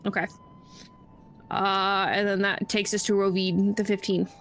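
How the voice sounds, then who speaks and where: A woman's voice: mid-range voice, level tone, measured pace, a bit bright, a little hiss or hum. A woman narrating as game master of a tabletop game, hesitant, with many fillers and restarts.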